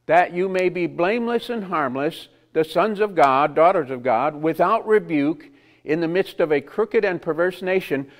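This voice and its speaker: A man preaching a conversational sermon, asking the congregation rhetorical questions and chuckling between points. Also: a little high. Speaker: pastor.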